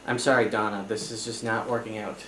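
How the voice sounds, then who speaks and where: A man's voice: lowish voice, little pitch movement, a little fast, a bit bright, reverberant, slight background noise. A young man playing a flustered, apologetic accountant in an improvised comedy scene.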